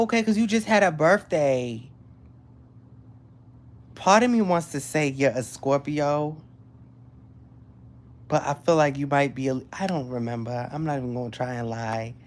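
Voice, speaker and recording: A woman, hosting a casual livestream and chatting excitedly with viewers. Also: low-pitched. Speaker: livestream host.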